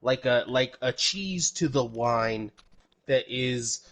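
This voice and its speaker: Male podcast host from El Paso, casual and profane, mid-pitched voice, talks in loose rambling asides. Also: takes it slowly, fairly bright tone. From El Paso, Texas.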